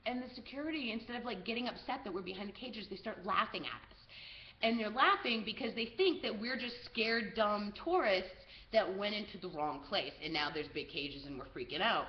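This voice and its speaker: Animated woman telling a story. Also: on the high side, fairly quick. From USA. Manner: animated, lots of "like" and "um". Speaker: travel vlogger. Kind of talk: casual storytelling to camera. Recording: roomy, slightly dull video audio.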